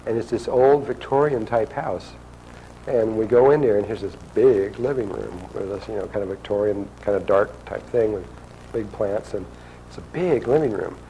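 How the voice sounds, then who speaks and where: A man's voice: on the low side, moderate pace, mellow, a little hiss or hum, rough recording. Rambling male storyteller. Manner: rambling, restarts often, acts out quotes. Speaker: speaker telling a story to an audience.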